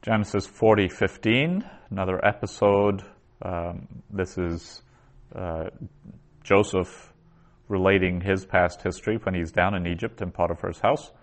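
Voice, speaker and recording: Deep-voiced man teaching Hebrew grammar. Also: fairly even intonation. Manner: patient, explanatory, reads Hebrew phrases aloud slowly. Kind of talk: recorded grammar lesson.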